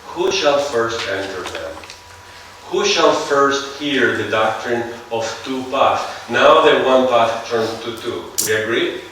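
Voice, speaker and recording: Man, non-native English accent, seminar lecture, slow musing delivery, rhetorical questions, big echoey hall, distant mic. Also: medium pitch, animated, fairly bright tone, a little hiss or hum. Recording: echoey hall, heard from far off.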